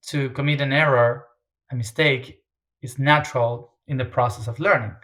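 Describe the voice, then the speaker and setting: A man's voice: mid-range voice, fairly even intonation, moderate pace, fairly bright tone. Hesitant man musing as a guest. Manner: hesitant, many fillers and restarts. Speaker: interview guest. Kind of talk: reflective interview talk.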